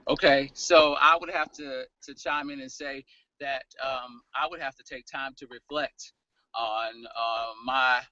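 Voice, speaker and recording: A man answering a panel question over a video call, reflective and halting, with many fillers. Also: medium pitch, fairly even intonation, bright, forceful tone, dry recording. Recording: lo-fi web call audio.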